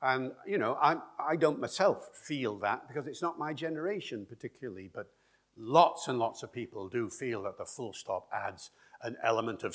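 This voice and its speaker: Guy explaining language stuff at a talk, bit husky, dry humor, acts out how words sound. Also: lowish voice, fairly bright tone. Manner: explanatory, wry, demonstrates pronunciations. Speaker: language expert speaker. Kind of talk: public lecture and Q&A.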